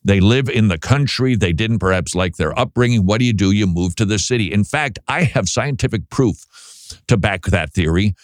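A man with a Minnesota accent talks on his radio show, rambling and joking as he hunts for the right word. His voice sits fairly low. The studio sound is dry and close. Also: animated, moderate pace, no room sound. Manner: rambling, jokey, searches aloud for words. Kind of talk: casual radio talk.

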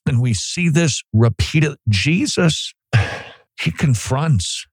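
Animated, emphatic male pastor preaching. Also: on the high side, very slow, slightly rough, dry recording. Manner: emphatic, stammers and repeats words when building a point. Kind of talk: expository sermon.

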